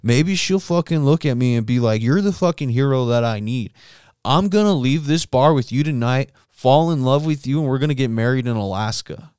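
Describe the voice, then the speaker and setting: Cocky tipsy bar guy, wannabe tough, full of bravado, as a man puts him on, smooth, dry sound. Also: mid-range voice, lively intonation, moderate pace, a little mellow, no echo, close to an everyday voice. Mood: cocky fantasizing. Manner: boastful, daydreaming bravado.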